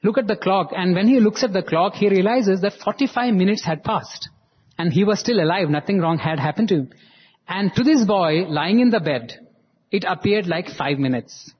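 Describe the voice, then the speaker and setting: A man tells a devotional story with lively animation, his voice slightly raised in pitch and husky. The recording is dull and lo-fi. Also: moderate pace.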